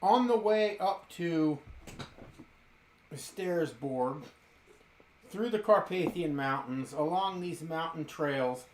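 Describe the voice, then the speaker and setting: Slow-talking man narrating a tabletop game. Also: a little high, expressive. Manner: slow, deliberate descriptive narration. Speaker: game master. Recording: roomy echo with faint hiss.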